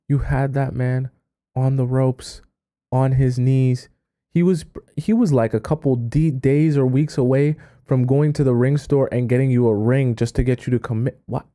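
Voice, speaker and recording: A man's voice: medium pitch, moderate pace, warm tone. A man hosting a dating-advice live stream, reading viewer messages aloud and reacting with exasperated asides.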